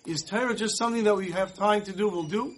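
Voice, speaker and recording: A man giving a Torah class, telling a story and acting out the dialogue in lively voices. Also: high voice, fast, background noise. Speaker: rabbi.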